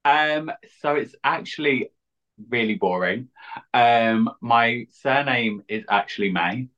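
A man, a drag queen chatting as an interview guest, cheeky and deadpan. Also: medium pitch, takes it slowly. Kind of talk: casual interview chat. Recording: dull lo-fi audio.

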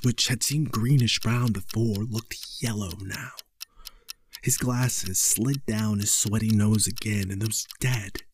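Man, horror story narrator, very slow, measured, low. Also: a little hiss or hum.

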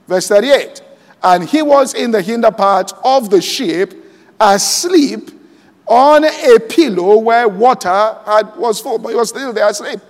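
A sermon echoes through a big church hall as a pastor, a man whose voice is very high, speaks slowly to the congregation. Deliberate in his delivery, he reads scripture aloud and keeps checking in with those listening.

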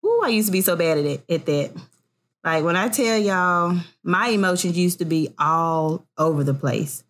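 A woman in casual chat as a podcast co-host, telling animated family stories. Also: on the low side, normal speed. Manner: animated storyteller, acts out family voices.

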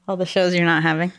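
A young woman co-hosting a podcast in casual chat, blunt and laughing often, animated when retelling stories. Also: fairly low pitch, dry recording. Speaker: podcast co-host.

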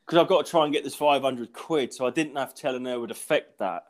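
A man's voice: medium pitch, quick pace. A man, a stand-up comedian, telling a story in a rambling way, short of breath and coughing, full of restarts and giggles. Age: adult with young kids. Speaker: stand-up comedian and podcast host. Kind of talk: casual storytelling chat.

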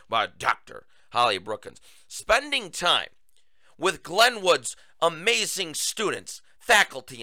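Sarcastic, animated male talk host. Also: a little high, dry recording. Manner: sarcastic, animated, addresses listeners as folks. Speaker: political talk show host. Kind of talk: opinion monologue.

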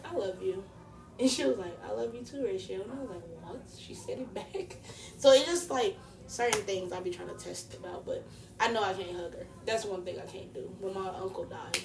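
A woman's voice: mid-range voice, vocal fry, background noise. A woman from co-hosting a casual podcast, telling stories animatedly and acting out the people she quotes. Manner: animated storyteller, acts out quotes. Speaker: podcast co-host. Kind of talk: casual chat. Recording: echoey room, distant mic.

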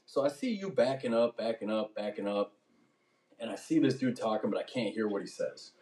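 A man's voice: lowish voice, expressive, fairly quick, warm tone, reverberant. A young man telling a rowdy story with profanity and sound effects as a podcast co-host. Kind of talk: casual storytelling chat.

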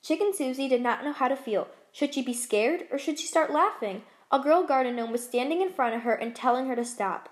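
A woman reading her own children's story aloud, gently and expressively. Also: high-pitched, brisk, few pauses.

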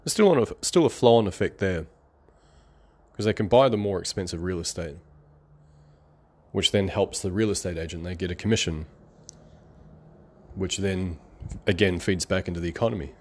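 A man giving a rambling, conversational motivational monologue about money beliefs, with some sarcasm and quick laughs. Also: deep voice.

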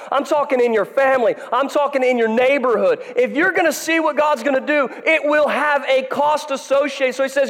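Male pastor, high voice, animated sermon with acted-out dialogue, big reverberant hall. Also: moderate pace. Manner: animated, acts out dialogue, jokes with congregation.

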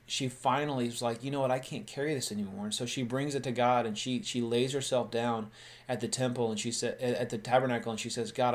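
A man with a voice of ordinary pitch preaches a sermon. He reads scripture aloud, then breaks off to explain it in easy, everyday words, often stumbling and restarting his sentences.

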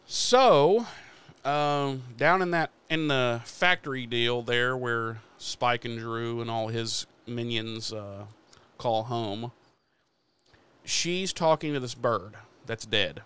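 A man casually retelling a TV episode for a podcast, swearing often and slipping into quick quoted lines. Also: medium pitch, a bit bright, smooth. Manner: swears freely while retelling episode scenes. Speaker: podcast host. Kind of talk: casual recap chat.

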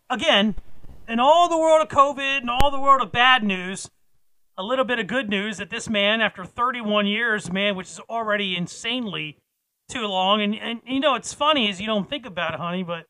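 Male podcast co-host, bright and punchy, teases each news beat; dry studio sound. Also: high-pitched, normal speed, no room sound, poor audio. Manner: teasing, with dramatic build-ups. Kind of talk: casual podcast news chat.

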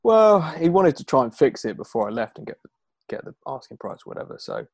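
Guy on a podcast spinning a long story, acts out both sides, mid pitch, dead dry close mic. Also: sing-song, fairly quick, gravelly, husky, no room sound. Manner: rambling, laughs through the story, acts out dialogue. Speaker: podcast co-host. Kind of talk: casual anecdote telling.

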